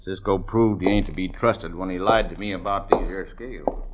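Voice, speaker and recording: An actor playing a gruff frontier sheriff who talks in a blunt, authoritative way, in 1940s radio acting. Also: male voice, low voice, steady tone, moderate pace, very noisy, close to an everyday voice. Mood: stern. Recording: dull lo-fi old radio recording.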